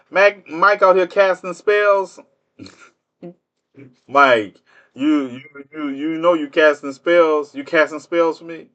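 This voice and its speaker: A man's voice: medium pitch, fairly bright tone. A man hosting a live stream, answering commenters in casual speech, mocking them with rhetorical questions. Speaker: livestream host.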